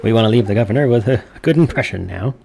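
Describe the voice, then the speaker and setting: A man's voice: on the low side, expressive, quick pace, creaky, darkish tone, slight background noise. A man voicing a fussy older village mayor from a farming game, announcing things in an officious, ceremonial way.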